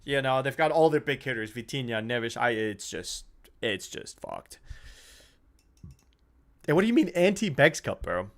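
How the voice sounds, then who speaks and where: A man's voice: mid-range voice, unhurried, pauses often. A young man hosting a live football watch-along stream, chatting casually, swearing freely and getting worked up over the play. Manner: excitable, swears freely, shouts and laughs at goals.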